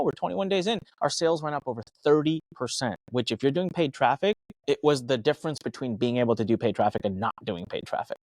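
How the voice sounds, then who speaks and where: A man guest on a podcast, giving energetic, emphatic business advice and acting out his own thoughts in quick asides. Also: mid-range voice, no room sound. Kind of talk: animated advice talk.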